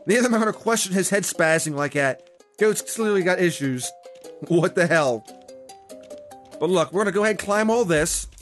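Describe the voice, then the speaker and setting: Excitable and casual, the young channel host narrates his gaming with frequent cursing and occasional loud eruptions. His voice is high-pitched.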